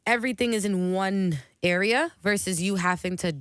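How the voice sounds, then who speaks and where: A woman in her twenties, a guest on a radio show, talking in a relaxed, chatty way full of "like". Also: mid-range voice, normal speed, smooth, no room sound, studio quality. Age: 20s. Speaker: musician guest. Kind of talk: casual radio interview. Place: radio studio.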